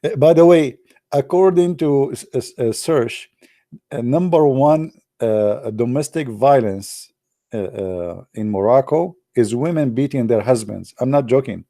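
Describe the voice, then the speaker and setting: A man's voice: mid-range voice, unhurried, dark tone, dry recording, studio quality. A man from the Arab world giving casual joking commentary with teasing asides. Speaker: vlogger.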